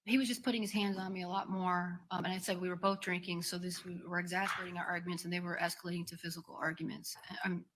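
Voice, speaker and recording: A woman in her forties testifying in a courtroom, speaking haltingly with many pauses and ums. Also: fairly low pitch, flat delivery, background noise. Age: 40s. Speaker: defendant testifying.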